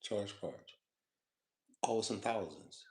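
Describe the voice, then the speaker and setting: A man's voice: fairly low pitch, takes it slowly, a little mellow. Loose, slangy man rambling in an echoey room. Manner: loose, slangy, profane, laughs often; repeats himself and talks to the viewer. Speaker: food vlogger. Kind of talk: casual rambling monologue.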